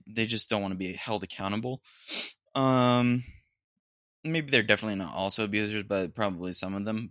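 A man's voice: on the low side, a bit bright, no echo, clean studio sound. A young man hosting a podcast on his own, rambling with lots of ums and restarts and throwing in crude jokes. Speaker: podcast host. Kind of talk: solo podcast rant.

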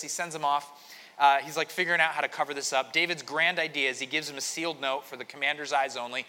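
Male pastor, conversational sermon, slightly high bright voice, reverberant hall. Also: fairly quick. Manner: conversational storytelling, frequent restarts.

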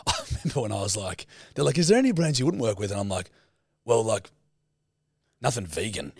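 A man's voice: fairly low pitch, sing-song, normal speed, breathy edge, no room sound, studio quality. An Australian man co-hosting a podcast, chatting casually with swearing and laughter. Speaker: podcast co-host. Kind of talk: casual chat.

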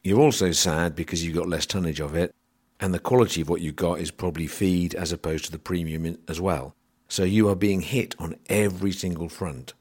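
A man's voice: low-pitched, husky. A man hosting a podcast, explaining grain trading in a dry, sardonic monologue. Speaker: podcast host on grain marketing.

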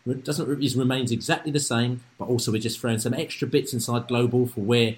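A man hosting a casual football podcast over a remote call, excitable and rambling, often repeating himself. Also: medium pitch, a little fast, slight background noise. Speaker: podcast host.

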